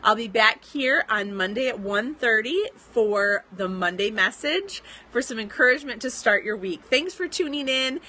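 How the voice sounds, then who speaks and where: A bright, fairly high-voiced woman in her thirties talks to her viewers in a casual live stream. She sounds earnest and encouraging, chatty with little fillers as she urges fellow writers on. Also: lively intonation, normal speed, hardly any pauses. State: pregnant.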